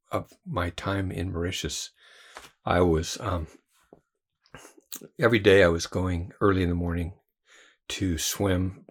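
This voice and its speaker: A man's voice: low-pitched, slightly rough. A man, a Christian trainer and theologian, telling a personal story in a rambling way with many fillers and restarts.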